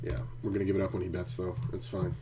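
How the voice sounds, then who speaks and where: A man's voice: sits low, monotone, fast talker, noisy background. A middle-aged man streaming poker from home, chatting casually and ranting with heavy swearing. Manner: profane, ranting storyteller. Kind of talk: casual live-stream chat.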